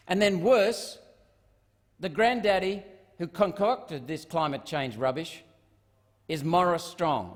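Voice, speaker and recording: A middle-aged Australian man giving a combative parliamentary speech, firing off repeated rhetorical questions. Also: fairly high pitch. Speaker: senator. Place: parliament chamber. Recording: long reverb of a large chamber.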